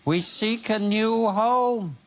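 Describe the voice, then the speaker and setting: A man voicing a solemn male alien who speaks very slowly, taped in a noisy studio. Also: high voice, a bit bright, pitched above the performer's own voice. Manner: slow portentous delivery.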